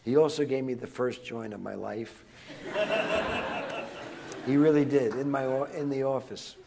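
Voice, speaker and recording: Speaking as a guest before a live student audience, an older man rambles through anecdotes, restarting sentences and chuckling as he goes. His voice is gravelly and sits in an ordinary middle range for a man, his pace is a little fast, and there is background noise.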